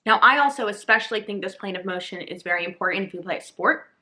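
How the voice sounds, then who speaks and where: A woman's voice: mid-range voice, expressive, fast, sharp tone. A young woman talking casually as a fitness vlogger, chatty and full of "like" fillers. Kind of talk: casual vlog talk.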